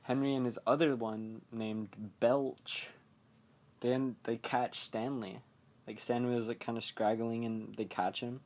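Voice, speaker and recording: A man's voice: mid-range voice, flat delivery, measured pace, a little mellow. A man hosting a podcast, recapping a horror movie in a casual, rambling way, full of fillers and chuckles at his own remarks. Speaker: podcast host.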